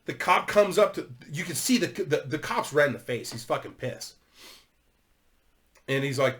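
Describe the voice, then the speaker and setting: A man's voice: a little high, animated, a little slow, long pauses. A man telling a long rambling story to his viewers, swearing constantly and laughing as he goes. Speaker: YouTuber.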